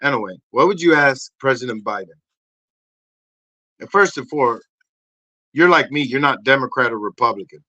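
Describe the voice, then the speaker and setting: A man hosting a comedy podcast who drops into low, mumbled asides between bits. His tone stays bright and his pitch moves around a lot. He talks in loose, joking banter. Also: expressive, normal speed, long pauses, no echo. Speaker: podcast host.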